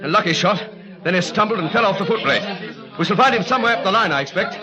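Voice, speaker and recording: An actor playing a plucky British special agent, in clipped, breezy 1940s radio-drama style. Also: male voice, high voice, expressive, quick pace, crowd noise. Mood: brisk. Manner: clipped, breezy upper-class British banter. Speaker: lead character in radio drama. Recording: dull lo-fi vintage radio recording.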